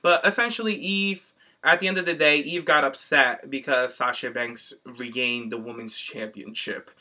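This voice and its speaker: A man co-hosting a podcast, telling a story in a sassy, animated casual chat. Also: medium pitch, moderate pace, very noisy. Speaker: podcast co-host.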